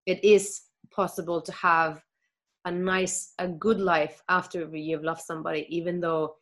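Woman guest with a slightly low voice, open and reassuring, pauses to find her words. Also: level tone, a bit bright. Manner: halting, searching for words, then earnest and reassuring. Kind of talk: candid conversation about grief.

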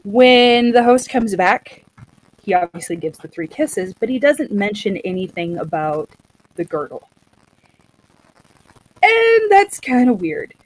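A woman casually retelling a story in a chatty, animated way, acting out what the characters say. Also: medium pitch, slow pace, pauses often, no echo, rough recording. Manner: chatty, animated, acts out quotes.

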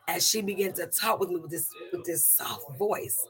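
A middle-aged woman giving a personal testimony to a congregation, in an emotional, halting way with many restarts and repeated words. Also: mid-range voice, sharp tone, husky, soft background music. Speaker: church member giving testimony.

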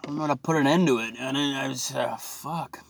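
A man's voice: mid-range voice, fairly quick, vocal fry, a little hiss or hum. Swearing man on a rant. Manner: swearing, mocking, exasperated rant. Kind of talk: profane ranting monologue.

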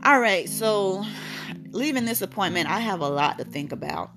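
A woman's voice: medium pitch, expressive, moderate pace, fairly bright tone. Candid woman in her thirties telling her story. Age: 30s. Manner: candid, emphatic, repeats phrases. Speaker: podcast host. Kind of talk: personal storytelling monologue. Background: guitar music.

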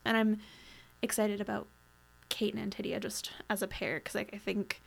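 A woman co-hosts a podcast, chatting casually about a TV episode. Her mid-pitched voice has a creaky edge. She leans on "like" a lot and acts out quoted lines as she goes. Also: little pitch movement, moderate pace. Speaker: podcast co-host. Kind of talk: casual recap chat.

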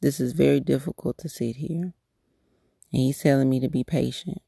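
Gravelly-voiced woman sharing candid testimony. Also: extremely low pitch, moderate pace, mellow, dry recording, studio quality. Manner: candid, earnest storytelling with restarts. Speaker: podcast host. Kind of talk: personal devotional testimony.

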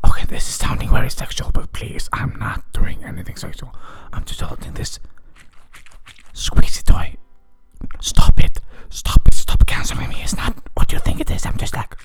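Giggly man in whispered role-play. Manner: playful, giggly, self-mocking. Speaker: podcast host. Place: outdoors among birdsong. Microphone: close to the mouth.

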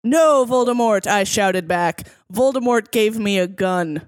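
A woman's voice: mid-range voice, a little slow, no echo. A woman podcast producer reading a fanfic aloud in mock-dramatic style, laughing between lines with friends.

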